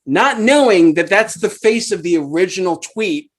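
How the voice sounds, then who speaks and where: A man's voice: sits high, lively intonation, moderate pace. A man in his forties co-hosting a podcast, telling movie memories in casual chat with frequent stammering restarts. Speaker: podcast co-host.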